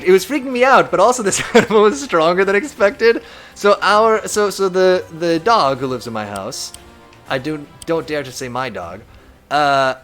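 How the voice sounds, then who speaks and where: A man live-streaming a strategy game, chatting casually and reading viewer messages aloud. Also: medium pitch. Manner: reads chat aloud, chatty and animated.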